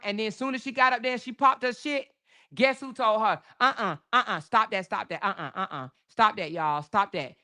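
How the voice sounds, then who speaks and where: Heated, profane woman with a smooth voice. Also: fairly high pitch, sharp tone. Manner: heated and profane, addressing viewers directly. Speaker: livestream host. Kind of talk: casual commentary rant to a livestream audience.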